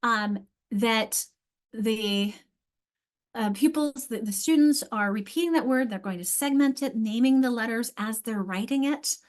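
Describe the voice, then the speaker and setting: A woman's voice: a little high, measured pace. A woman leading an online teacher training, explaining spelling steps and often correcting herself mid-sentence. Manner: explanatory, self-correcting with frequent restarts.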